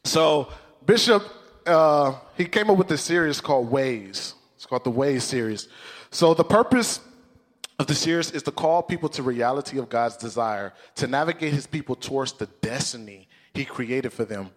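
A man preaching as a pastor, emotional and excitable. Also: medium pitch, normal speed, big-room sound. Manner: emotional, excitable, laughs often. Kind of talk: sermon.

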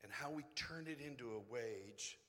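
Bright-voiced man preaching in a hall. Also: medium pitch, normal speed. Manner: animated, drops to a hushed whisper for quotes. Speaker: pastor. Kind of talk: sermon.

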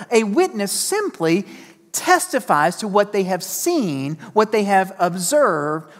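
A man preaching a sermon as pastor, energetic and emphatic, repeating key phrases and slipping in self-deprecating asides. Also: sits high. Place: church sanctuary. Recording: long reverb of a church hall.

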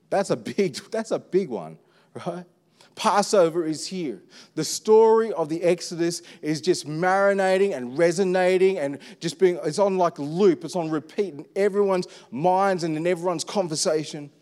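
An Australian pastor, a middle-aged man, preaches a sermon in a high voice with a darkish tone and an easy, conversational manner. He keeps putting rhetorical questions to the room. A long reverb from a large church hall trails his voice.

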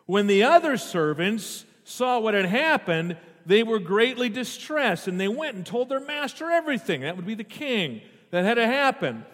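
A man's voice: high voice, very animated, moderate pace, few pauses, a bit bright. A man preaching a sermon. He reads scripture aloud, stops often to explain it and puts questions to the congregation. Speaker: pastor. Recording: long hall reverb.

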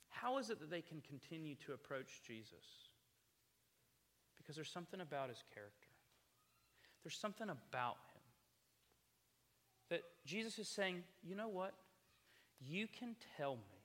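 A man's voice: fairly high pitch, a bit bright. A man preaching a sermon, impassioned and full of rhetorical questions, recorded in a church hall. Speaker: pastor. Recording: echoey hall reverb.

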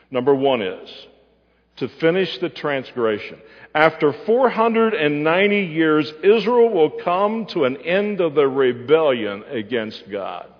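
A man preaching a Bible-teaching sermon, quizzing his listeners and answering himself. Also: on the high side. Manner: asks the audience questions and answers them. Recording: muffled hall recording with long reverb.

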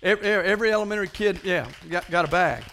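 A high-pitched man with a drawl preaches to his congregation. He talks in animated bursts, stumbling and repeating words as he builds up. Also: fast, a little hiss or hum. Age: older than most listeners. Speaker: pastor. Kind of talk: sermon.

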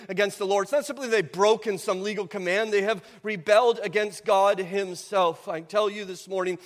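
A man's voice: high-pitched, fairly bright tone, long reverb tail. A man preaching a sermon as pastor, earnest and urgent, asking the congregation rhetorical questions.

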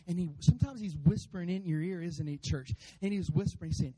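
A man preaching a sermon to his church, animated, acting out voices and calling out to the congregation. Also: sits high, quick pace, few pauses, slightly rough, rough recording. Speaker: pastor. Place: church sanctuary.

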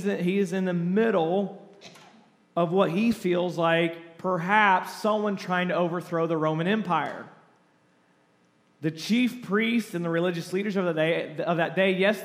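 A male pastor with a fairly high voice preaches with earnest emphasis, reading scripture and then expounding on it. His words ring out with a long reverb, as in a church sanctuary.

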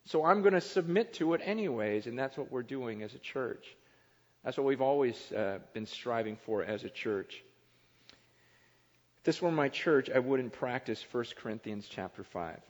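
A man's voice: medium pitch, a little slow, a little mellow. A middle-aged man preaching a sermon as pastor, conversational and self-mocking, acting out little quoted voices. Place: large church hall. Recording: dull sermon recording in a reverberant hall.

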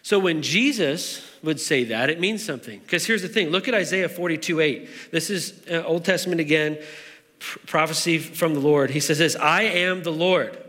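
A man preaching a sermon in an easy, conversational way, stopping and restarting as he goes. His voice sits a little higher than most men's. A long reverb from the church hall trails after his words. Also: moderate pace, sharp tone. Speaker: pastor.

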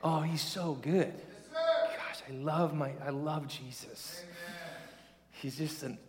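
A male pastor preaching a sermon in a lively, conversational way, calling on the congregation to repeat lines after him. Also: on the high side, slow pace. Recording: long reverb of a large hall.

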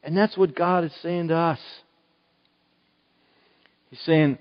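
An older man preaches, his voice sitting a little high for a man. He is earnest and emphatic and often restarts his phrases. The recording is somewhat dull, with a long echo from the hall. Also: steady tone, takes it slowly. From Oklahoma, US. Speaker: pastor. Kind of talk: sermon.

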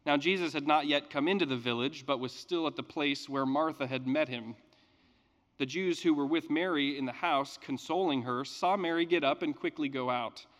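Earnest preacher with a higher voice. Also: male voice, moderate pace, fairly bright tone, in a large hall. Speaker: pastor. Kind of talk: scripture reading and sermon.

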